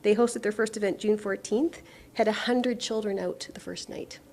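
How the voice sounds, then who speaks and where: A woman's voice: mid-range voice, steady tone, normal speed, darkish tone, a little hiss or hum. A woman councillor giving an upbeat, enthusiastic report at a council meeting.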